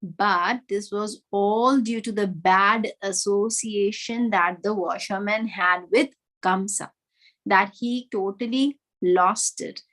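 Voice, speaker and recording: A woman's voice: mid-range voice, slow, a bit bright. A woman teaching a devotional class, telling a moral story with rhetorical questions to her listeners.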